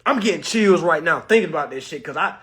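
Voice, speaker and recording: A man telling a personal story to his viewers in a casual, animated, profane way, calling them y'all. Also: a little high, fast. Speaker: vlogger.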